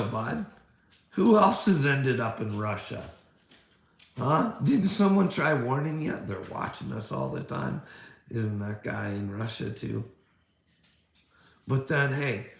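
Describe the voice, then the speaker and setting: Here a medium-pitched man with vocal fry speaks in an echoey room. He's a video creator confronting a critic in a combative rant full of rhetorical questions. He cusses constantly, leaning on "bud" and "you know what I mean" again and again.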